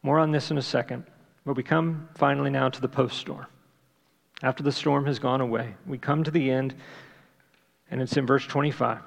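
A man's voice: medium pitch, fairly even intonation, normal speed, vocal fry, pauses often. A man preaching a sermon, emphatic, asking rhetorical questions and repeating his key points. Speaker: pastor. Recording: long reverb of a large hall.

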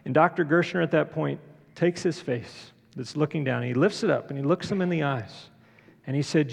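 Gravelly pastor preaching. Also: male voice, a little high. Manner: conversational storytelling with frequent filler pauses. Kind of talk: sermon. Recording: long church reverb.

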